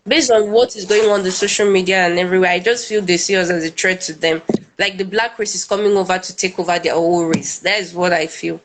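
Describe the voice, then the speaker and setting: A woman's voice: fairly low pitch, steady tone, quick pace, noisy background. A woman sharing her opinion earnestly in a casual live-streamed discussion.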